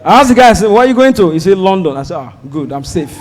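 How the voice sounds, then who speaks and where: A Nigerian man doing stand-up, telling a story and acting out the dialogue with sudden loud outbursts. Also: high voice, animated, rapid-fire, long reverb tail. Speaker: stand-up comedian.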